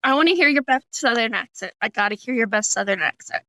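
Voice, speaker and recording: A woman guest chatting casually and eagerly on a podcast, laughing quickly. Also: fairly high pitch, animated, bright, forceful tone, no echo. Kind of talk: casual chat.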